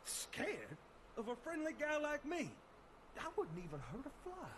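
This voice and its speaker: A man's voice: extremely high pitch, wildly swooping pitch, a little slow, a bit bright, slight background noise, exaggerated voice. A man voicing a jittery, folksy southern man who is scared of bugs, talking in an exclamatory drawl with a Southern US accent. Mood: flustered.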